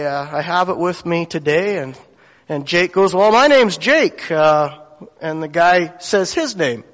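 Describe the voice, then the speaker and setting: Tearful at moments, a man with a slightly high, somewhat bright voice preaches a storytelling sermon, telling a gathering a faith story and performing the voices of the people involved. The sound carries long hall reverb.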